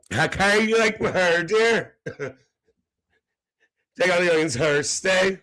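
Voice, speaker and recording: A man's voice: animated, takes it slowly, bright, forceful tone, heavily acted, low-quality recording. Man doing a cheeky gossiping older auntie. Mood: gossipy. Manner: chatty, teasing, laughs between lines, swoops into high squeals. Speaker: live-stream host. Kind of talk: live comedy character stream.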